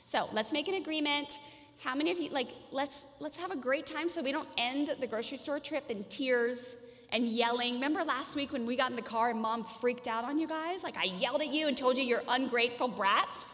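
A woman's voice: sits high, fairly quick, a bit bright. A woman giving a casual parenting workshop to parents, chatty and informal, often saying "like" and "you guys.". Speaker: parenting educator. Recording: reverberant hall.

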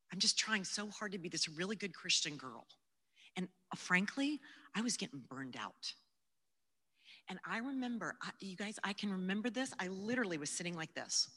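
Bright earnest woman in a reverberant hall. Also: fairly low pitch. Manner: earnest and conversational, dropping to a hush for quiet moments. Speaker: Christian speaker teaching the Bible. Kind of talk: personal testimony and Bible teaching.

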